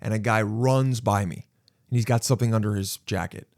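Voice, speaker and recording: A man hosting his podcast, telling a story in an animated, self-mocking way and swearing freely. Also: on the low side, brisk, creaky, no room sound, studio quality. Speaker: podcast host. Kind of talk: casual storytelling monologue.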